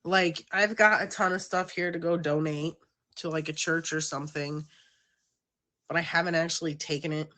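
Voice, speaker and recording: A woman with a bright, clear, forward tone hosts a casual livestream. She rambles in a chatty, self-conscious way and speaks directly to her viewers. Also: low-pitched, fairly even intonation, normal speed. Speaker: livestream host.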